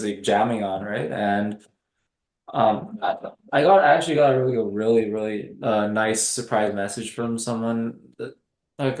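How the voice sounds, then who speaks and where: A man, a film director being interviewed, talking in a halting, hesitant way with many restarts. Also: mid-range voice, a little mellow. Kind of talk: casual interview chat. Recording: echoey room.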